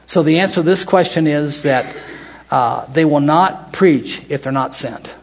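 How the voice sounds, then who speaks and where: A man's voice: fairly high pitch, a little slow. An older American man leading a Bible study, talking conversationally, restarting phrases and putting questions to the group. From United States. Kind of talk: casual Bible teaching to a group.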